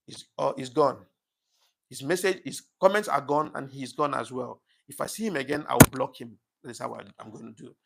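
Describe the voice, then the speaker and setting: Gravelly-voiced man hosting a livestream. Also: mid-range voice, moderate pace, pauses often, fairly bright tone. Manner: apologetic and thankful, repeats thanks often; emotional, says things get to him easily. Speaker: livestream host. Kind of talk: casual live-stream chat reading comments.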